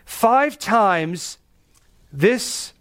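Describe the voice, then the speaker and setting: Preaching an expository sermon, this high-voiced male pastor is animated yet extremely slow, his tone a bit bright and smooth. He addresses the audience as if in conversation, driving points home with emphasis and rhetorical questions.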